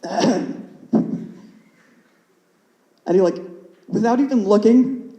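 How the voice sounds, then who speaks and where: A woman's voice: medium pitch, dark tone, roomy sound, rough recording. A young woman in her twenties performing a stand-up comedy set in a nervous, rambling way, full of "like" fillers. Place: comedy club stage.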